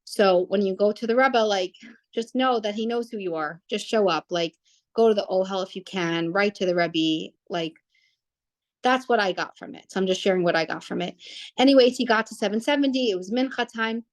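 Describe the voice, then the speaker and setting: A woman's voice: medium pitch, fairly quick. A young woman telling a family story casually, rambling with restarts and fillers.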